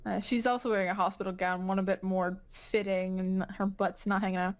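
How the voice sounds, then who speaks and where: A woman's voice: medium pitch, little pitch movement, brisk. A woman narrating as game master of a tabletop game, casual and playful.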